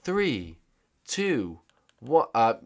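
A young man hosting a gaming channel, giving excitable, teasing commentary with sudden shouts. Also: mid-range voice, extremely slow. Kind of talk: casual game commentary.

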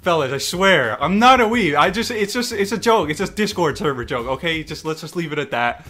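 A young man reacting to memes in casual commentary, excitable and mock-exasperated, swearing and laughing often. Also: fairly high pitch, brisk. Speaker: YouTube meme reactor. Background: faint background music.

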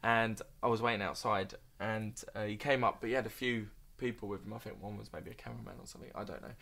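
Man, bright voice, podcast host, lively anecdotes with acted-out quotes. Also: fairly low pitch, quick pace, creaky. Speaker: podcast host, dating coach. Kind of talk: casual storytelling chat.

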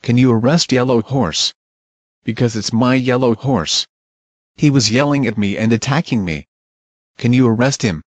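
A man's voice: mid-range voice, normal speed, no room sound, natural voice. A man voicing a spiteful male cartoon bear who taunts in blunt, short sentences. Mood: mocking.

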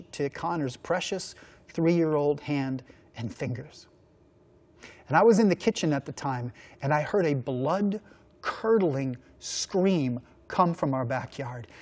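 Earnest man preaching a sermon. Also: a little mellow. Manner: earnest storytelling, dropping low and slow for emphasis. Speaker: youth minister.

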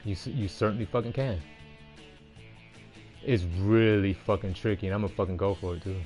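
A man's voice: fairly low pitch, steady tone, moderate pace, a little mellow, faint music behind. A man in his forties streaming a golf game, rambling and swearing heavily with frustrated outbursts. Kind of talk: casual chat while playing.

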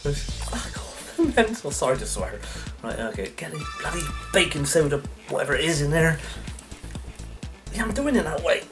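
Breathless sweary gamer with game music. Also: male voice, on the high side, very animated, normal speed. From United Kingdom. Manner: swears often, shouts at the controls. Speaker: gaming YouTuber. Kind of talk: let's play commentary. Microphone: facecam with desk mic. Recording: game music playing behind the voice.

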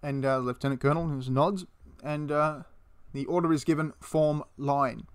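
A man's voice: a little high, normal speed, clear, resonant tone. A man telling a battle story casually, swearing and acting out the quotes. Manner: animated, swears, acts out quotes in character. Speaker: history video host. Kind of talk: casual storytelling history talk.

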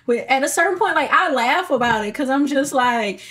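A woman's voice: high-pitched, lively intonation, fairly quick, fairly bright tone. A woman with a Southern US accent, a podcast guest talking in a casual, outspoken and emphatic way, swearing freely. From Alabama, US. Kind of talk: casual conversation.

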